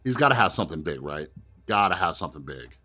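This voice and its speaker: A gaming video host plays a card game and casually narrates his own moves, talking straight to his viewers with sudden bursts of excitement. His voice sits low and he talks fast.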